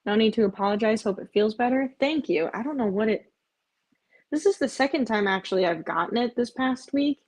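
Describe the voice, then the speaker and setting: A woman's voice: fairly high pitch, animated, brisk, a little mellow. A woman hosting a casual live stream, chatting and rambling, and often breaking off to coax her cats in a cooing voice.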